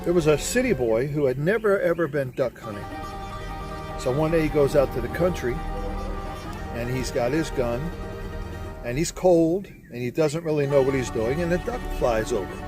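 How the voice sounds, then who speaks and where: A man's voice: on the high side, animated, moderate pace, music in the background. A man in his sixties telling a joke in casual chat as a camping vlogger, outdoors at a campsite by a fire, filmed on a handheld camera. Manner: folksy storyteller.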